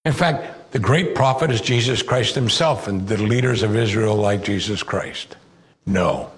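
A man preaching a sermon, telling Bible stories with animated delivery and rising sharply when he quotes the characters. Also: fairly low pitch, unhurried.

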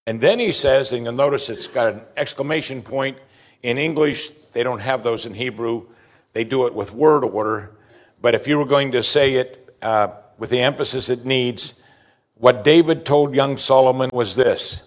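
Earnest male preacher with slow emphasis. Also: medium pitch. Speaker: pastor. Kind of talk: sermon.

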